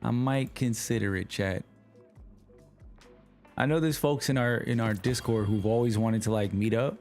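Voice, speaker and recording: A man with a New York accent streams a game and chats loosely with his viewers, relaxed and slangy. His voice sits at an everyday middle pitch. Faint game music runs underneath. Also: moderate pace. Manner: relaxed, slangy, talks to chat. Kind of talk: casual livestream chat while gaming.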